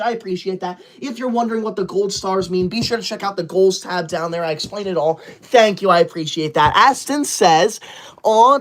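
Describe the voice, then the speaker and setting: A young man with a high, fairly bright voice hosts a comedy livestream in character. He reads out super chats and scolds chatters in a prim, indignant, defensive way, using overly formal wording.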